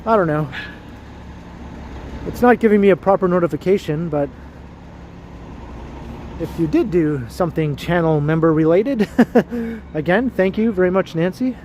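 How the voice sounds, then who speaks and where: A male host walks downtown on a livestream, keeping up easygoing talk with viewers and laughing frequently while traffic hums behind him. His high, darkish voice moves at normal speed, with frequent pauses.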